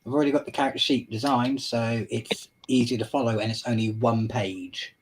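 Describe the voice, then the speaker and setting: A man's voice: medium pitch, steady tone, fairly quick, a little hiss or hum. A man in a casual podcast chat, easygoing, explaining the game he runs. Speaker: game master.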